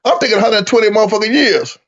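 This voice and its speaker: A man telling a prison story in a casual chat, animated and profane, laughing as he talks. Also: sits high, quick pace. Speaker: podcast co-host telling a story. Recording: dull lo-fi recording.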